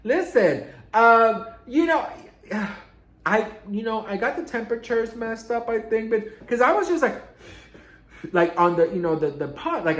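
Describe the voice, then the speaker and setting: A man telling a storytime in a sassy, dramatic way, swearing and swinging his pitch up and down. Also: roomy sound. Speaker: storytime vlogger. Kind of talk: casual storytime monologue.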